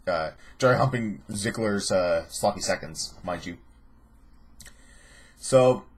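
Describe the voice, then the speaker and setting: Husky guy doing a rambly profane vlog rant, sarcastic and loose. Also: on the low side. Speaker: host. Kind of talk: casual vlog commentary.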